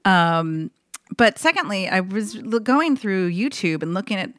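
A woman's voice: mid-range voice, very animated, measured pace, fairly bright tone, no echo, studio quality. A woman musician, a guest chatting casually and giggling often. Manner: giggly, playful. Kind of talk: casual chat.

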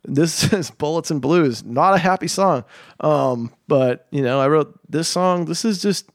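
A man's voice: fairly high pitch, a little slow, no echo, clean studio sound. A man, a singer-songwriter guest, talking casually and rambling, with lots of fillers. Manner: rambling, heavy use of fillers like "you know" and "like". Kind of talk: casual conversation.

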